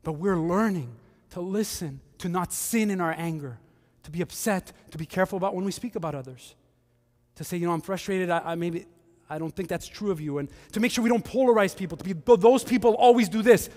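A man preaching a sermon as pastor, animated, with joking asides and acted-out quotes. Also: sits high, a little fast, in a large hall.

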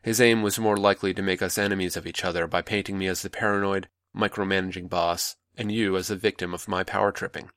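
A man playing a manipulative older male mentor, calm, patronizing and coaxing, in a dry close recording. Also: sits low, fast talker, hardly any pauses, no room sound.

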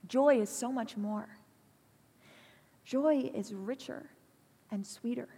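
A woman preaching a sermon in a church, earnest and pastoral, speaking slowly and deliberately. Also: on the high side, darkish tone, breathy edge. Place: church hall. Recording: long hall reverb.

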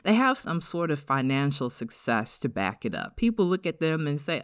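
Earnest middle-aged woman, smooth dry voice. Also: low-pitched, big pitch swings, no room sound. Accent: African-American English. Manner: earnest, reflective, slows to stress key words. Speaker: podcast host. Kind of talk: personal testimony podcast.

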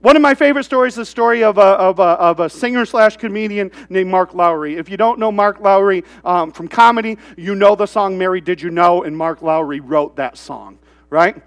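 A man's voice: high voice, a little fast. A man preaching a sermon in a conversational way, often checking in with "right?" and telling stories about his kids. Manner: conversational, asks rhetorical questions. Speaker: pastor.

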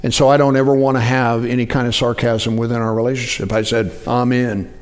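A man preaching a sermon in a conversational way, often asking the congregation to respond. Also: fast talker. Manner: animated, jumps up in pitch for acted-out quotes. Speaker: pastor.

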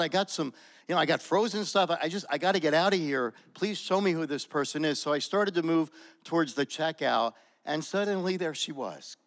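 A man giving a halting spoken testimony at a church gathering, full of fillers and restarts. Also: fairly high pitch, fairly bright tone. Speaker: church member sharing a testimony. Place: church service room. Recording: long hall reverb.

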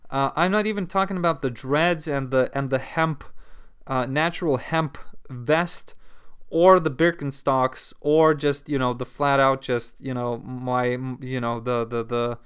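A man's voice: on the high side, a little slow, a bit bright, clear, resonant tone. A man at home talking casually to camera, rambling and swearing, full of fillers and restarts.

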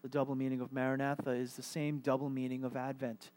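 A man preaching a live sermon to a church congregation as pastor, in a conversational style with halting, repeated words. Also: medium pitch, little pitch movement, darkish tone.

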